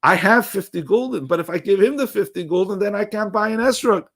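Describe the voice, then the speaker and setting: A man's voice: high-pitched, fairly quick, gravelly, a bit bright, pitched above the performer's own voice, full character voice. A man speaking as a poor, pious teacher who humbly tells his own story. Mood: earnest.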